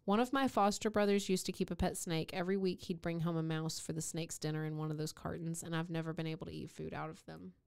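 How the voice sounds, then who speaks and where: A young woman with a smooth, clear voice sitting on the lower side of her range, co-hosting a casual podcast. She reads passages from a romance novel, acts out the lines with mock drama, and breaks off to swear and laugh. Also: steady tone, fast talker, few pauses, darkish tone. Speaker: podcast co-host. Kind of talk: casual chat and reading aloud from a romance novel.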